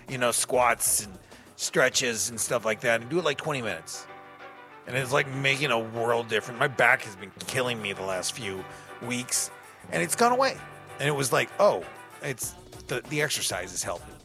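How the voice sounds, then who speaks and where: A male radio DJ talks in a chatty, rambling way between songs, with a bright, forceful voice. He drifts into self-deprecating asides as he goes. Faint music sits under his talk. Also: mid-range voice, gravelly. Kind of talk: casual on-air chat between songs. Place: radio studio.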